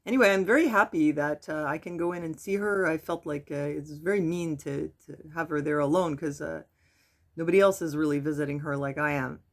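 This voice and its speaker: A middle-aged woman giving a casual, halting personal update to her webcam, with frequent restarts. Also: low-pitched. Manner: soft, halting, with many restarts and fillers. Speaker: vlogger.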